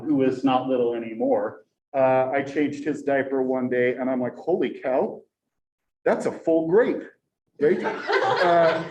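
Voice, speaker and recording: A man in his forties, a college professor, telling a story to his class in a chatty, animated way and tagging nearly every sentence with a rhetorical question. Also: medium pitch, highs cut off, background noise. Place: lecture classroom. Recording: echoey classroom recording.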